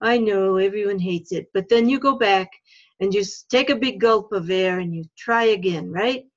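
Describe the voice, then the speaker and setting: A woman's voice: medium pitch, moderate pace, highs cut off, lightly acted. A woman voicing a wise, kindly male fox puppet, raising her voice and speaking with a French accent in a soothing, reassuring way.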